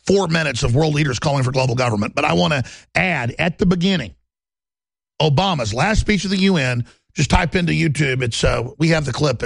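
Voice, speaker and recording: A man's voice: on the high side, gravelly, fairly bright tone, no echo. A man hosting a talk show, delivering an intense, heated, rambling monologue.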